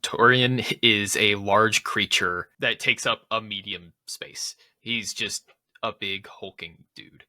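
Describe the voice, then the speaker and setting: A man playing a tabletop game, unhurried and thinking aloud about the rules. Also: fairly low pitch, steady tone, pushed and bright, dry recording, studio quality. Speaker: player. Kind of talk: casual chat at a tabletop game.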